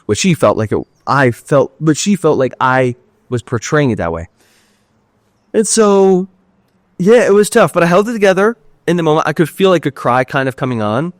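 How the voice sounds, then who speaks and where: A man's voice: on the high side, big pitch swings, normal speed, dry recording. Candid rambling young man, dry sound. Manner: rambling, heavy use of "like", candid and swearing. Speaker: podcast host. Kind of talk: casual personal storytelling.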